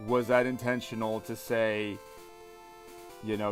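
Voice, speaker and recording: A man's voice: mid-range voice, fairly even intonation, takes it slowly, over music. A man giving casual commentary over a video game, hesitant and stammering, often repeating words. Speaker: gaming video host.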